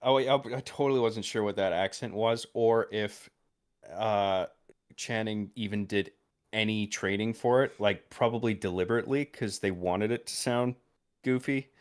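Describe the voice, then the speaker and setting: A man's voice: lowish voice, moderate pace, clean tone. A man guesting on a casual movie review chat, thinking aloud hesitantly with restarts.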